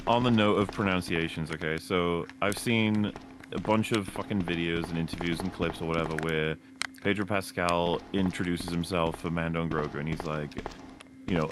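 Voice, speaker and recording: Low-voiced, rambling, sweary man. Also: steady tone, moderate pace, noisy background. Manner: rambling, sweary, laughs often. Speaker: co-host and game player. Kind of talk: casual gaming chat while drinking.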